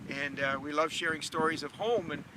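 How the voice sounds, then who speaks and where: Soft-spoken man outdoors. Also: on the high side, noisy background. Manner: soft, halting, switching between French and English. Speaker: comedian. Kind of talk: casual talk to camera. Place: outdoors in a cemetery.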